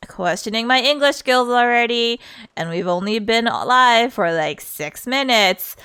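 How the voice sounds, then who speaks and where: Lively, slow-talking woman streamer. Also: on the high side, smooth. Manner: chatty, laughs often, self-mocking. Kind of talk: casual live-stream chat.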